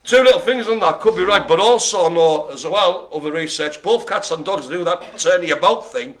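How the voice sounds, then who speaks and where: A man's voice: high-pitched, moderate pace. A man calling bingo with jokes, banter and playful asides to the players. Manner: jokey, chatty, playful asides. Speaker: bingo caller.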